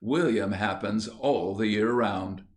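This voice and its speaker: A man's voice: lowish voice, slow pace. A man voicing an exasperated young adult older brother who bursts out in flustered, desperate lines, in an audiobook reading. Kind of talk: audiobook character voice.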